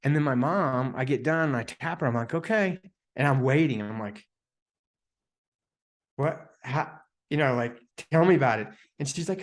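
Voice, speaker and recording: A man guest on a podcast, telling a story in a casual, animated way, full of "dude," "man" and "like," and acting out the voices of the people in it. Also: a little fast. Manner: animated, heavy filler words, "dude" and "man"; acts out quoted voices with big pitch jumps. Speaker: podcast guest, energy healer.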